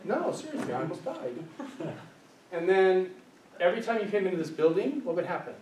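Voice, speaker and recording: A man's voice: sits high, sing-song, brisk, a crowd in the background. A man presenting a workshop as a social worker, lecturing a small group and asking them questions as he speaks. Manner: engaging, asks the group questions; acts out quoted voices. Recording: echoey room from a distance, faint hiss.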